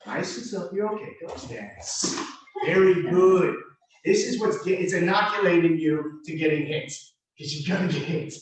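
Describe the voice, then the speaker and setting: A man teaching a self-defense drill, giving calm, reassuring, repeated cues to a student. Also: a little high, normal speed, a little hiss or hum. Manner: reassuring, repetitive coaching cues. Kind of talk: coaching a drill. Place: martial arts gym. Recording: very echoey room, from far off.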